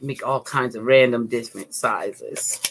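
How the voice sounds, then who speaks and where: A woman's voice: rumbling low, measured pace. Woman, middle-aged, upbeat craft teacher, chatty live-stream tutorial, faint background hiss. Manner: chatty, upbeat, talks to viewers as she works. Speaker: art teacher, channel host. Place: home craft desk, indoors.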